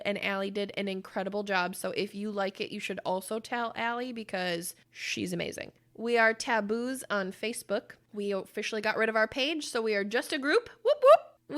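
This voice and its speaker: A woman's voice: mid-range voice, bright, forceful tone. Blunt, profane woman podcast co-host. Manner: acts out quoted voices while telling stories. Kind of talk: casual podcast chat.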